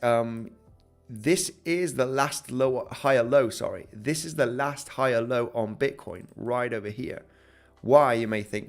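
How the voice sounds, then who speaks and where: A man with an English accent hosting a live crypto trading stream, talking through charts and chat comments with lots of "okay?" and "right?". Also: mid-range voice. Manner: chatty, fillers and repeated "okay?", "right?". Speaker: crypto trading livestream host. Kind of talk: live market analysis reading chat.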